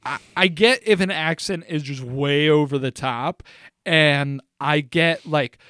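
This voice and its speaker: A man co-hosting a podcast, rambling loudly and jokingly in casual chat, swearing freely. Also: fairly high pitch, unhurried, clean tone, dry recording. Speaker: podcast co-host.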